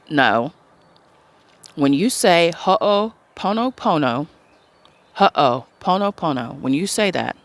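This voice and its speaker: A woman giving a casual spiritual pep talk to her viewers. She is blunt and emphatic, swears freely, acts out the voices she quotes, and slows into soft, drawn-out blessings. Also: low voice, expressive. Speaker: spiritual self-love vlogger.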